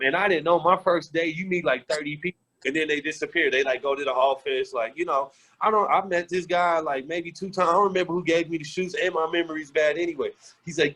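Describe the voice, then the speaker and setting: A man guest on a sports podcast, telling candid, profane stories in an animated, casual way. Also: on the high side, brisk, rough recording. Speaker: podcast guest, former pro basketball player. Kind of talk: casual storytelling.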